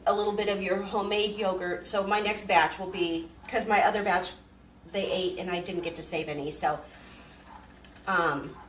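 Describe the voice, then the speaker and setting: Brief: woman homestead host, chatty and rambling while cooking, mid-pitched, roomy kitchen sound. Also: steady tone, moderate pace, slight background noise. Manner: chatty and rambling, greets viewers by name. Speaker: homesteading live-stream host. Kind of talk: casual live-stream chat while cooking. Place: home kitchen. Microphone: camera she moves around the kitchen.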